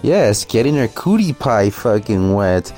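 A man's voice: lowish voice, big pitch swings, measured pace, warm tone, soft background music. A man doing profane, mocking commentary over a video clip, with a sneering, swearing manner.

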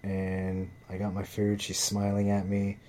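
A man's voice: lowish voice, completely flat delivery, unhurried, dark tone. A man telling a rambling, profanity-laden story in casual chat, heavy with fillers.

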